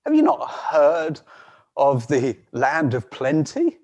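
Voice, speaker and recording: A man voicing a calm, wise guardian lion that steadily scolds a monster, heard over a video call. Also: fairly high pitch, takes it slowly, exaggerated voice. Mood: calmly reproachful. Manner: steady, reproachful questioning.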